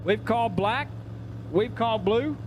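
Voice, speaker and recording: Man, race announcer, high-pitched, quick jokey calls, outdoor track, faint background noise. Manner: rapid-fire jokey announcing. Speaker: drag racing announcer. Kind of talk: live race commentary over PA. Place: outdoor racetrack.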